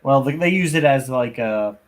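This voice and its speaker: Podcast cohost guy, mid pitch voice, dry little jokes. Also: expressive, moderate pace. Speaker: podcast co-host. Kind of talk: casual chat.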